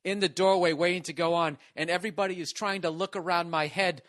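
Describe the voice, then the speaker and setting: A man in his forties hosts a podcast and spins a long comedy-club yarn in a slightly raised voice. He is profane and excitable, and he trips over his own words and restarts often. The sound is dry and close, with no room around it. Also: high-pitched, quick pace, no echo. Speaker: podcast host and stand-up comedian. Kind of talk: casual storytelling monologue.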